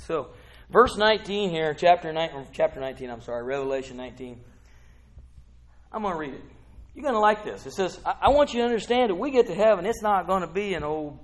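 A man preaching with a high, bright voice that leaps all over the place. He drops to near murmurs, then bursts into whoops and shouts, and keeps prodding the congregation with "huh?". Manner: exuberant, swinging from quiet to shouting, with frequent "huh?". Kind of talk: sermon.

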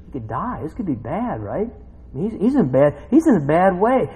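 A man preaching a sermon, swinging between hushed reading and loud excited exclaiming with bursts of laughter. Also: on the high side, moderate pace, husky, low-quality recording.

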